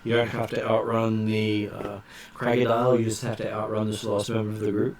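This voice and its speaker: A man with a low, level voice runs a tabletop game as game master. He talks in a halting way and fills gaps with ums and uhs. Other people chatting can be heard behind him. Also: level tone, a crowd in the background.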